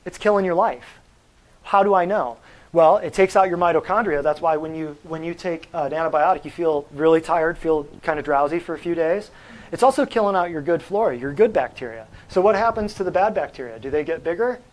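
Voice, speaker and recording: A man delivers a natural health lecture to a class in a classroom. His voice sits a little high, and he talks in an animated, preachy way. He keeps throwing rhetorical questions at his listeners. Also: brisk, rough recording.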